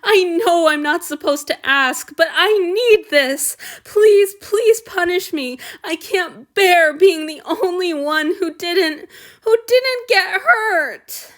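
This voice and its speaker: A woman's voice: sits high, big pitch swings, measured pace, a bit bright, pitched above the performer's own voice, full character voice. A woman reading aloud, voicing a meek, devoted young male servant who pleads and abases himself. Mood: pleading. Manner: pleading, self-abasing. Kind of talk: audiobook reading.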